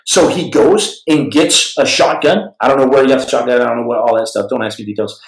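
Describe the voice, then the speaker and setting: A podcast host with a mid-range voice tells a story dramatically and at a brisk clip, changing his voice for the people he quotes. He keeps restarting and breaking off to talk to his listeners in this animated storytelling. The audio is poor and reverberant.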